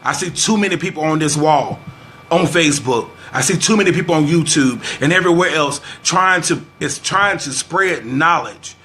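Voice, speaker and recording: A man's voice: on the high side, expressive, moderate pace, sharp tone, slight background noise. A man delivering a fervent, preacher-style vlog rant, quoting scripture, repeating phrases for emphasis and saying openly how frustrated he is. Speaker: vlogger. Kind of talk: preachy social commentary vlog.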